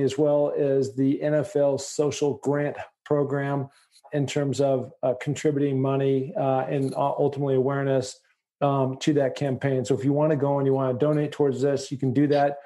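A man's voice: medium pitch, warm tone. A middle-aged man from the United States hosting a podcast interview, talking with enthusiasm and rambling with many fillers. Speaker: podcast host.

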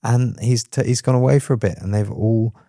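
A man's voice: medium pitch, a little fast, dark tone, no room sound, clean studio sound. A man co-hosting a podcast, talking through a Bible passage in an earnest, reflective way with many restarts. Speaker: podcast co-host. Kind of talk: casual Bible study chat.

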